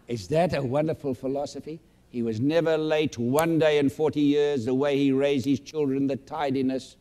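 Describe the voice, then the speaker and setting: An older man in his late seventies speaks to an audience in a large room. He is boastful and emphatic, with a sentimental streak. His voice sits at an ordinary middle pitch for a man. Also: steady tone, normal speed, warm tone. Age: 70s. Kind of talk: motivational speech.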